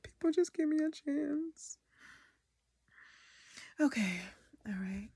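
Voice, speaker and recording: A woman's voice: high-pitched, expressive, takes it slowly, creaky, dark tone, no room sound, clean studio sound. A woman educator and artist venting in a raw, candid vlog, often dropping to a half-whisper and swearing freely.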